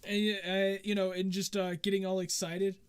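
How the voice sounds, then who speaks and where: A man's voice: high voice, completely flat delivery, normal speed, background noise. A man running a tabletop game as game master, hesitant and filled with ums and uhs. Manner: hesitant, many fillers, laughs often.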